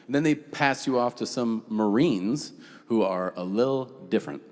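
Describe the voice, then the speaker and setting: Stand-up comic, male, swinging pitch, profane storyteller, live stage mic in a reverberant room. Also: moderate pace. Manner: animated, profane storytelling with shouted impressions. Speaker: stand-up comedian. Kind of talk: stand-up comedy set. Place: comedy stage before a live audience. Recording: reverberant venue with faint room noise.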